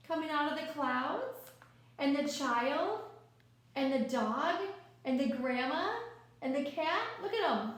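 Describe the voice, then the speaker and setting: A woman with a high voice reads a picture book aloud to young children at an unhurried pace. She coaxes gently and keeps asking her listener questions. Her voice rings around a very echoey room. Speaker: storyteller.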